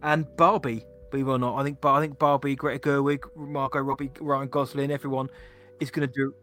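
A man co-hosting a casual chat, opinionated and chatty with quick asides. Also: mid-range voice, little pitch movement, fairly bright tone, faint music behind. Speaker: podcast co-host.

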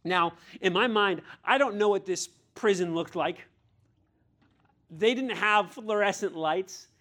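A man's voice: high voice, fairly bright tone. A man preaching a sermon to a youth group as their pastor, earnest and direct, pressing his listeners with blunt questions and now and then acting out the voices in scripture.

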